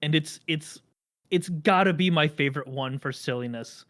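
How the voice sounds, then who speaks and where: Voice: medium pitch, moderate pace, fairly bright tone. A podcast host chatting casually, rambling through explanations with dry jokes.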